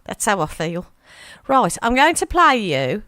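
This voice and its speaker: A woman's voice: mid-range voice, unhurried, no echo. A woman with a Birmingham accent hosting a local radio show, telling stories and acting out voices. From Birmingham area, England. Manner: animated storyteller, acts out voices in quotes. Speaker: radio host. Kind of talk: chatty local radio anecdote.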